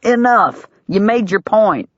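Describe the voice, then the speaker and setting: A woman reading an audiobook, voicing a gruff, stern young livery owner with a clipped manner. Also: low voice, animated, normal speed, no room sound. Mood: exasperated. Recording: dull, dry lo-fi sound.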